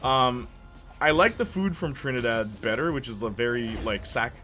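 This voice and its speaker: A young man from Canada chats loosely with his viewers while he plays, rambling through fillers and laughing often. His voice sits at an ordinary middle pitch, and soft game music plays underneath. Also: expressive, moderate pace. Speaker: gaming streamer chatting with viewers. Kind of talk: casual chat while playing a game.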